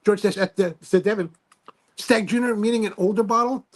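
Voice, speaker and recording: A man's voice: sits high, fairly even intonation, fairly quick. A man hosting a live stream, rambling casually and self-deprecatingly while reading viewer comments aloud. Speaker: livestream host.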